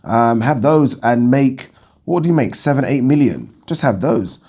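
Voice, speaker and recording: A man's voice: medium pitch, expressive, unhurried, dark tone. A man hosting a boxing channel, giving blunt, opinionated casual commentary and swearing when annoyed.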